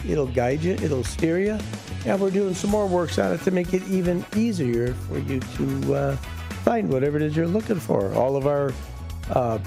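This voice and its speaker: Gravelly, mellow morning radio host. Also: male voice, on the high side. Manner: easygoing, rambling with fillers. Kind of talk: casual morning radio chat. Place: radio studio.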